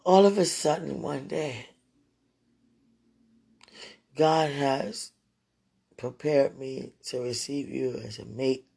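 A woman's voice: rumbling low, takes it slowly, creaky, pauses often, mellow, husky. A woman talking into a phone held close, emotional and repetitive, with a prayerful tone, as if speaking live to a loved one.

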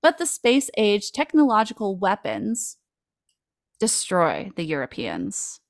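A woman's voice: medium pitch, huge pitch swings, slow, no room sound, clean studio sound. A woman hosting a podcast, recapping a film in a playful, jokey way with frequent laughs. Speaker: podcast host.

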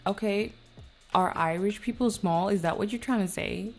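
A woman's voice: medium pitch, moderate pace, faint music behind. A young woman, a native Danish speaker, co-hosting a podcast in casual chat, teasing and giggly, switching between Danish and English. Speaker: podcast co-host.

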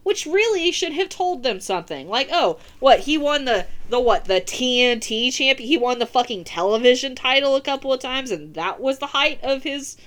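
A woman's voice: sits high, normal speed, few pauses. A woman hosting a podcast, ranting casually and swearing freely as she gives her opinions. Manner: profane, animated ranting. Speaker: podcast host.

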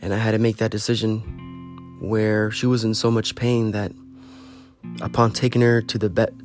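A man's voice: on the low side, level tone, moderate pace. A man giving a heartfelt, rambling personal monologue, earnestly urging listeners to reach out to friends. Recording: faint guitar music behind.

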